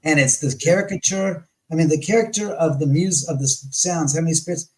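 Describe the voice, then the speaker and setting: A man as an interview guest, telling stories in a rambling, animated way and often correcting himself mid-sentence. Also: fairly high pitch, a little fast, rough recording. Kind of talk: casual storytelling interview.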